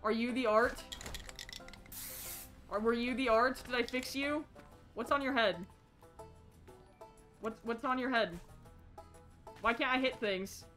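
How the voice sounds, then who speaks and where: A woman streaming a video game, muttering to herself and shouting in confused frustration. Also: fairly high pitch, takes it slowly, pauses often, soft background music. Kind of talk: casual gaming stream commentary.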